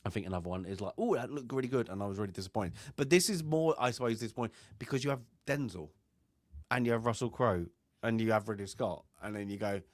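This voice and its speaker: A man's voice: fairly low pitch, fast, dry recording, studio quality. A man co-hosting a film review chat, talking in a rambling way with many fillers and restarts. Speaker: film club co-host.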